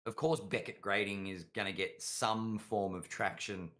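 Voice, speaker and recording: A man co-hosting a casual hobby podcast who talks in a relaxed way and adds dry, wry remarks. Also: fairly low pitch, measured pace. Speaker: podcast co-host. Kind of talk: casual chat.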